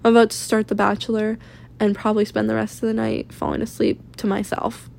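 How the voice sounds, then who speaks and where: A woman's voice: fairly high pitch, monotone, fairly quick, vocal fry, darkish tone. Twenties woman from Maine, confessional vlogger, fried voice, blunt and rambling. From Maine, USA. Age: 20s. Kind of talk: candid personal vlog rant. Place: rented room at home.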